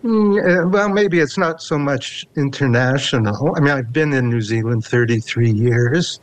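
A man's voice: medium pitch, unhurried. A man in his seventies with a Canadian accent, a poet speaking in an interview in a reflective, wry way and reading his own verse. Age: 70s. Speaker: poet guest. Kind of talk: casual interview and poetry reading.

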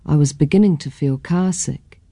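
A woman reading a children's story aloud in a gentle, expressive way. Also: sits low, normal speed, dry recording. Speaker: storybook reader.

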